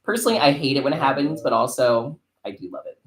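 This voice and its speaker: A woman hosting a casual chat during a card game, talking in a rambling, animated way. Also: very deep voice, fast talker. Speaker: host. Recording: echoey room, faint noise, card clicks.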